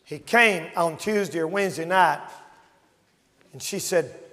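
A man preaching a revival sermon, swinging between shouted warnings and hushed storytelling. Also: a little high, a little slow, in a large hall.

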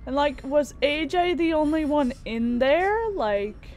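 A woman's voice: sits high, animated, slow, darkish tone. A young woman commenting on a video game as she plays, sentimental and reading game prompts aloud. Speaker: gaming YouTuber. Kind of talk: let's-play commentary.

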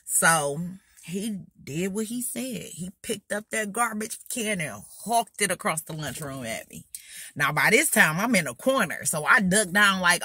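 A young woman beauty vlogger telling a story while doing her makeup, animated and loud, acting out what people said. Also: medium pitch, normal speed, no echo, studio quality. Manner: animated, loud, acting out quotes in Southern US slang.

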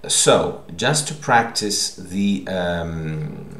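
A man's voice: sits low, expressive, drawn-out words, fairly bright tone. A man teaching a language lesson, patiently explaining each point and often checking in with "okay?". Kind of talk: recorded online language lesson. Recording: echoey room.

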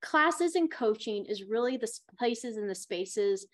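A woman's voice: a little high, animated, a little slow. A woman acting coach and teacher giving a workshop talk on auditions in a chatty, encouraging way.

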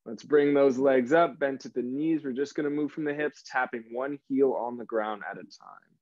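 A man's voice: mid-range voice, moderate pace, a little mellow, dry recording. Upbeat male fitness coach, dry dull audio. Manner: upbeat coaching cues, encouraging. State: slightly out of breath. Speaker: fitness instructor. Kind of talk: live online workout class.

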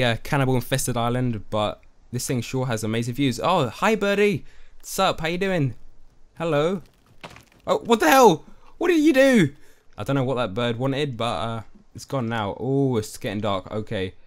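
A young man narrates his game in a jumpy, excitable way. He is easily spooked and keeps turning to chat with his viewers. His voice sits at an ordinary middle pitch for a man. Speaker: gaming YouTuber. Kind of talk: let's play commentary.

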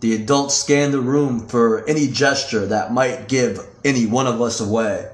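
A man reading his own novel aloud as an audiobook, in a steady, measured storytelling voice. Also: mid-range voice, echoey room. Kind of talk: audiobook narration.

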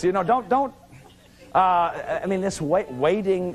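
A man in his fifties giving a lively lecture, acting out little scenes and restarting sentences with repeated words. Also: on the high side, normal speed, a faint crowd, a little hiss or hum. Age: 50s. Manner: animated, acts out little scenes with sudden shouts and growls. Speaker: lecturer on family therapy.

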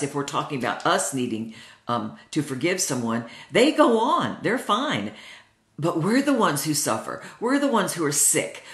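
Older lady leading a bible study, earnest and heartfelt, roomy echoey sound. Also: low voice. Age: 60s. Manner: earnest, heartfelt personal storytelling. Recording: roomy echo.

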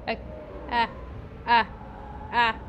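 A woman streamer giving goofy, playful commentary while she plays a video game, often shouting spell names. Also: fairly high pitch, monotone, extremely slow, dull audio, noisy background. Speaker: gaming streamer. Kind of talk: casual gameplay commentary.

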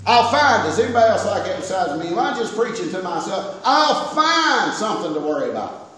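An older man preaching a folksy, self-mocking sermon, swinging between raised and quiet passages. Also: sits high, very animated, a little fast, slight background noise. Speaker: pastor. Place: church sanctuary. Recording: echoey church hall from far off.

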